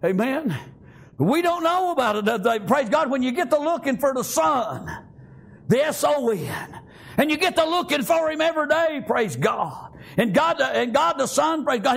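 An older man preaching a fervent sermon, halting with many fillers and constant "amen" and "praise God". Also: extremely high pitch, expressive, creaky, fairly bright tone.

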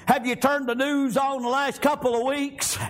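A man preaching a sermon, shouting out emphatic lines and punctuating them with frequent amens. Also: very high-pitched, level tone, moderate pace.

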